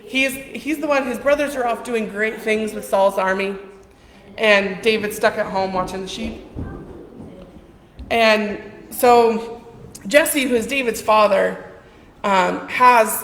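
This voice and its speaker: A woman's voice: medium pitch, a little slow, slight background noise. A woman giving an informal, conversational sermon in a church, telling the story with quoted voices. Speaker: preacher. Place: church hall. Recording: echoey hall with long reverb.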